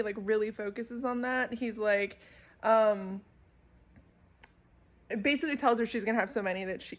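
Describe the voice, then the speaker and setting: A young woman chatting casually to her camera at home, talking animatedly with lots of fillers and bursts of laughter. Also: fairly high pitch. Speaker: book vlogger. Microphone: camera mic.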